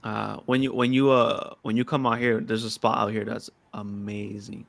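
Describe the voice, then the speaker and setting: A young man hosting a podcast in casual chat, animated, saying "bro" and "yo" a lot. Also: fairly low pitch, moderate pace, creaky. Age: young adult. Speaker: podcast host.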